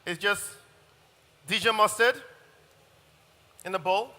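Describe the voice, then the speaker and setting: Male chef, live demo, upbeat, high and bright, reverberant hall. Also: steady tone, slow pace. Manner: enthusiastic, talks while cooking. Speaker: chef giving a cooking demonstration. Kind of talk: live cooking demonstration. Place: large hall at a live event.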